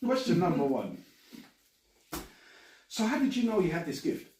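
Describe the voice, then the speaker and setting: A man's voice: high-pitched, very animated, normal speed, mellow. A man with a London accent hosting a podcast in casual chat. He swears often, laughs a lot and rambles. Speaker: podcast host. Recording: echoey room, mic at a distance, some noise.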